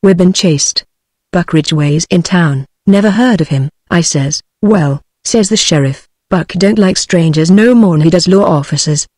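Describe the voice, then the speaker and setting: A text-to-speech woman's voice with a British accent, reading a western story aloud, the dialogue in the same even voice. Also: on the low side, a little slow, no echo. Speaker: narrator.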